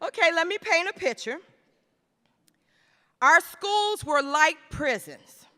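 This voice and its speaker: A woman giving a plenary speech at a conference, rhetorical and emphatic, slowing down to stress key phrases. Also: extremely high pitch, lively intonation, pushed and bright. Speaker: conference speaker. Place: large conference hall. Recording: reverberant hall.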